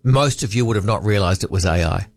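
A man's voice: lowish voice, quick pace, no room sound, clean studio sound. A man with a New Zealand accent hosting late-night talkback radio, chatty and rambling, often correcting himself mid-sentence. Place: radio studio.

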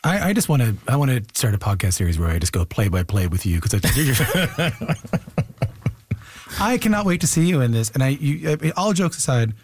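A man's voice: mid-range voice, very animated, moderate pace, husky, no echo. A man hosting a radio studio interview, asking questions and jumping in with follow-ups. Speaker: radio host.

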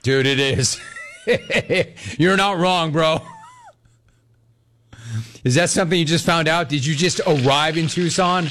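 A man's voice: on the high side, huge pitch swings, slow pace, pauses often, a bit bright, slight background noise. A man hosting a call-in sports radio show, talking in a brash, mocking way and laughing often. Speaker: radio sports talk host. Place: radio studio.

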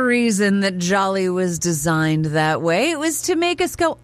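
A woman's voice: medium pitch, normal speed, few pauses, dry recording. A woman hosting a radio show, talking casually and joking with listeners. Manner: chatty, animated, joking. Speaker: radio host.

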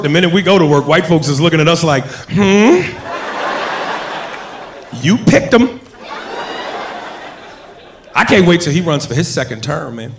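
A man doing stand-up, talking straight to the crowd in a punchy way. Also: a little high. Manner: punchy, addresses the crowd directly. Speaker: stand-up comedian. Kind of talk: stand-up routine. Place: comedy club stage. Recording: echoey live club with crowd and noise.

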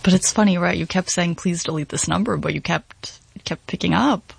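Low husky woman host. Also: fairly quick. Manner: probing, curious questions. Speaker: podcast host. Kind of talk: interviewing and narration.

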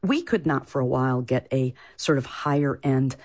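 A woman's voice: extremely low pitch, moderate pace, a little mellow. A woman from Iowa, a food writer, answering interview questions in a chatty way with many fillers. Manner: chatty, lots of "you know" fillers.

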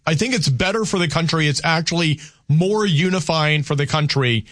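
A man co-hosting a casual political chat in a fairly high voice. He talks in halting bursts and repeats words while he works out his point. The recording is dry and close to the mic. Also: a bit bright, no room sound. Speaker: co-host.

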